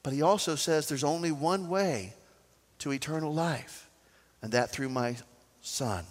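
A man preaching a sermon as pastor, swinging from loud to soft. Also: fairly high pitch, a little slow, in a large hall.

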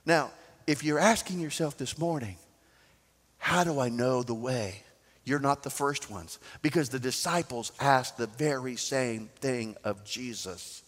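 A man preaching a sermon as pastor, swinging from loud to soft. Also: mid-range voice, measured pace, long reverb tail.

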